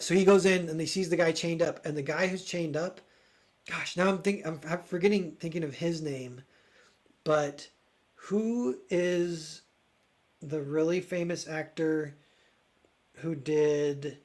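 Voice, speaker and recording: A man streaming and chatting casually, rambling and searching for words with lots of fillers. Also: a little high. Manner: voices quoted characters loudly. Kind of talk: casual chat.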